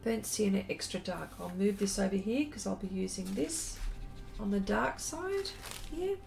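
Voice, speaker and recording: A middle-aged woman artist chatting casually on a live stream while she draws, reading viewer comments aloud in an unhurried way. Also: medium pitch, expressive, vocal fry, darkish tone, soft background music. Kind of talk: casual chat while drawing.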